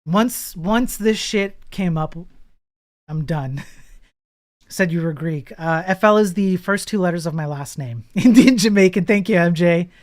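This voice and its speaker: A man's voice: high-pitched, a little slow. A man chatting casually on a live coding stream, blunt and profane, laughing often.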